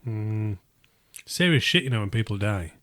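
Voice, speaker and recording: A man with a somewhat low voice, casual and unhurried. He mostly backs up his co-host with short agreements and adds wry remarks now and then. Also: expressive, fairly bright tone. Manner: laid-back, chiming in with agreement and wry asides. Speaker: podcast co-host. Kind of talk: casual chat.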